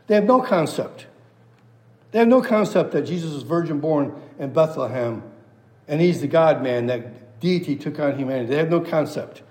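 Emphatic preacher with hall reverb. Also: male voice, on the high side, expressive, moderate pace, a little mellow. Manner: emphatic, repetitive, reads scripture aloud. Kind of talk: expository sermon.

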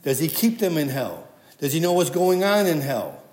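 A man's voice: on the high side, very animated, moderate pace, darkish tone. A man giving a conversational sermon, quoting scripture and often restarting his sentences. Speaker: preacher. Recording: echoey hall with long reverb.

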